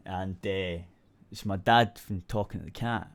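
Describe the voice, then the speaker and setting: A man's voice: low-pitched, measured pace. A Scottish man hosting a radio show, rambling through a story in casual chat and swearing freely.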